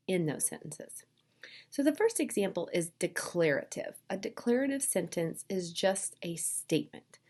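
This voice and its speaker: A woman teaches English to language learners in a clear, upbeat classroom manner. Her voice sits a little low, and she reads example sentences aloud with lively expression.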